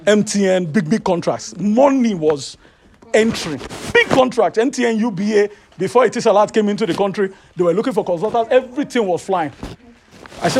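A man with a Nigerian accent preaching a sermon, telling a personal story in an animated, rising voice. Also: high-pitched, a little fast, a little hiss or hum. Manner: animated, rises to loud excited storytelling.

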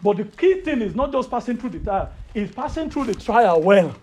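A man with a Nigerian accent preaching a sermon, telling a personal story in an animated, rising voice. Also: very high-pitched, normal speed. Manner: animated, rises to loud excited storytelling.

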